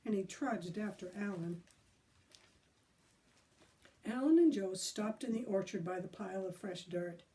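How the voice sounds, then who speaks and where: A woman librarian reading a children's chapter book aloud expressively, pausing to talk about the pictures. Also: mid-range voice, warm tone, recorded from a distance.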